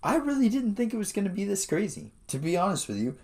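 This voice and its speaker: A man co-hosting a casual podcast, excitable and chatty, swearing casually and saying "dude" a lot. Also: high voice, fast. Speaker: podcast co-host. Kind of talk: casual chat.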